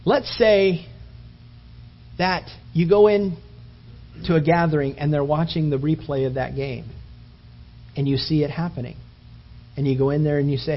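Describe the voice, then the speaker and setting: Husky, high-voiced male preacher. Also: normal speed, long pauses. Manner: animated storytelling, rising to emphatic peaks. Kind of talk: sermon. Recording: dull lo-fi recording.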